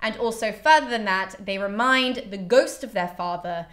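A woman's voice: mid-range voice, normal speed, a bit bright. A woman host giving a chatty, casual summary of a classical play, dropping in playful mock quotes of the characters.

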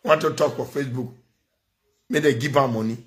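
Nigerian man, middle-aged, preachy scolding commentator, mid-pitched voice. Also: fairly quick. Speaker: social media commentator. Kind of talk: impassioned monologue.

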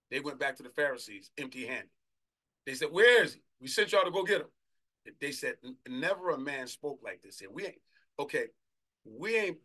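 Fervent preacher with a bright, tense voice. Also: male voice, on the high side. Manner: fervent, shouting bursts, drawn-out scripture reading. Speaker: apostle preaching. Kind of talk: sermon.

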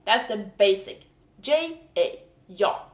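A woman's voice: mid-range voice, lively intonation, takes it slowly, reverberant. A woman with a Swedish accent, a native Swedish speaker, explaining pronunciation in a casual video lesson with frank, swearing, exasperated humor. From Sweden. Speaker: vlogger teaching Swedish pronunciation.

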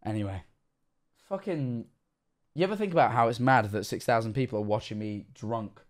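A man in his twenties talks in a mid-pitched voice, audibly tipsy. He rambles through his stories, swinging from loud, high outbursts to hushed, near-whispered asides. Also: normal speed. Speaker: streamer. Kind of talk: casual live-stream chat.

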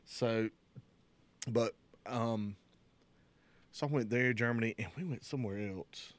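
A man's voice: medium pitch, measured pace. A man in his thirties co-hosting a casual podcast chat, joking and laughing often. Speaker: podcast co-host.

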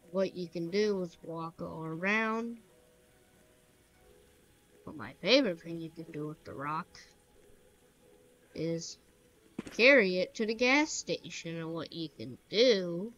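A woman talking through a game in a relaxed, unhurried way, her voice sitting on the low side. She makes offhand, wry comments and mutters little asides while she plays. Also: a little hiss or hum. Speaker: gaming commentator. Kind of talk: casual gameplay commentary.

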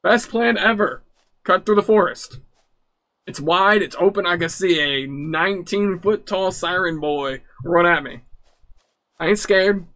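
A young man jokingly commentating his horror game playthrough, nervous and excitable. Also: sits high, measured pace. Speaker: gamer. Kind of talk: let's-play commentary.

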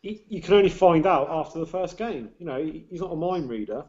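A man's voice: on the high side, animated, fairly quick. A man defending his side in a football debate. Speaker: debate guest. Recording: muffled lo-fi audio, crowd noise.

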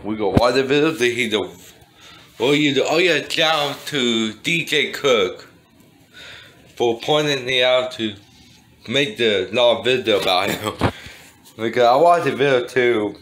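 A man's voice: medium pitch, unhurried, long pauses, background noise. A man giving casual, rambling commentary with broken grammar. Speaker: YouTube commentator.

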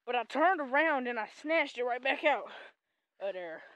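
A woman vlogging outdoors on a farm, loud, excitable, joking and swearing as she walks. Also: high voice, normal speed, no room sound, dull audio. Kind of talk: casual vlog while walking. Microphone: handheld camera.

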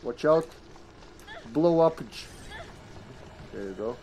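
Male streamer, slightly high, very lively pitch; playful, excitable gameplay commentary. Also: takes it slowly. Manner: excitable, playful, bursts into shouts. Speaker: game streamer.

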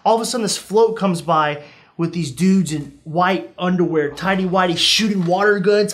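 A man's voice: sits high, normal speed, a bit bright. A young man hosting a casual podcast, telling funny stories and acting out his own reactions with sudden jumps in voice. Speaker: podcast host. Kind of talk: casual storytelling chat.

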